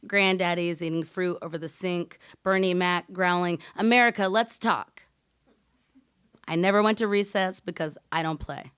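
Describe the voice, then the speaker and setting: A woman poet reading her poems aloud in a measured, deliberate way. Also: on the low side, fairly even intonation, fairly bright tone, clean tone, no echo, clean studio sound. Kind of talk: live poetry reading.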